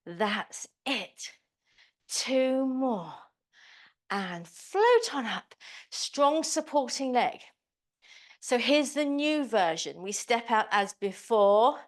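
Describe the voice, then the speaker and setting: A woman teaching a live online pilates class, cueing moves with chirpy encouragement and chatty asides. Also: on the high side. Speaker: pilates instructor.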